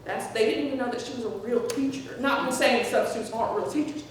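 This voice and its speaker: A woman's voice: a little high, fast talker. A woman shares personal stories with a gathered audience, acting out the voices she quotes and laughing often. Her voice is caught from far off in a big hall with heavy echo. A faint hum sits underneath. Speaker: speaker at a memorial tribute. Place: large hall at a community gathering.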